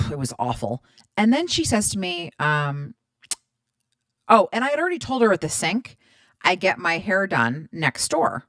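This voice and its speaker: 30s woman doing a chatty podcast, low voice, swears a lot, plays out both sides of convos, dry close sound. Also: measured pace, no echo. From Middle Eastern background. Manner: chatty and animated, swears freely, acts out both sides of a conversation. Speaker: podcast host. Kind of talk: casual storytelling monologue.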